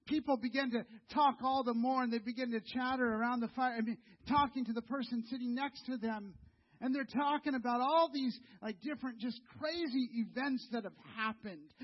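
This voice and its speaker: High husky-voiced pastor, lo-fi. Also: male voice, moderate pace. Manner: conversational, addresses listeners as "you". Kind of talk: sermon with guided storytelling. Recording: dull lo-fi sound.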